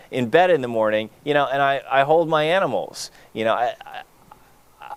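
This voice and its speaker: A man's voice: mid-range voice, moderate pace, smooth, dry recording. A man co-hosting a charity gala, earnest and rambling, with many fillers. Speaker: gala co-host. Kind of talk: heartfelt live co-hosting.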